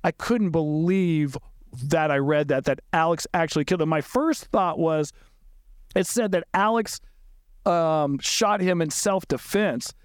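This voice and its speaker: A middle-aged man with a high voice tells a painful story in a halting way, restarting and repeating words. His voice climbs further when he gets upset. The recording is dry and close. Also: clear, resonant tone, no echo. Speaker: podcast guest recounting events. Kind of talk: emotional personal recollection.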